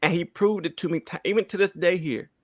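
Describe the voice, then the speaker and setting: Sitting high and moving briskly, this man's voice comes through with no room sound. He's in his thirties, earnestly testifying in church on the verge of tears, with repeated phrases and a habit of asking "right?"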